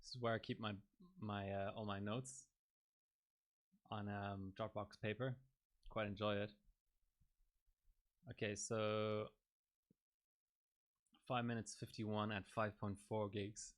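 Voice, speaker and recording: A man casually commenting on his livestream, thinking aloud in a halting way with fillers. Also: fairly low pitch, little pitch movement. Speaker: overclocking livestream host.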